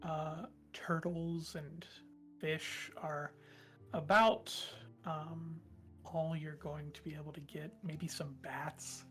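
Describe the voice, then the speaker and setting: A woman narrating a tabletop game as game master, hesitant, with many ums and pauses. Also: low voice, steady tone, faint music behind.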